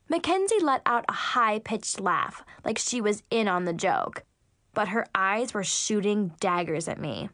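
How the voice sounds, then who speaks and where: A woman reading a storybook aloud in the first person, chatty and expressive. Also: mid-range voice, unhurried, no echo, clean studio sound. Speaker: audiobook narrator.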